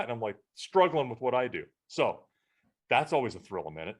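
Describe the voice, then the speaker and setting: A man telling a lively ranch story. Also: medium pitch, a little fast, breathy edge. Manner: animated storyteller, acts out quoted exchanges. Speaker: podcast co-host. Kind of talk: casual storytelling chat.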